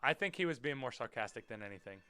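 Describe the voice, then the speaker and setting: Male show host reacting to videos, clear resonant voice, lively and expressive, loud outbursts then quiet mutters. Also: medium pitch, quick pace. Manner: excitable, loud outbursts and swearing; drops to quiet muttering asides. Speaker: podcast host. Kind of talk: reacting to dash cam videos.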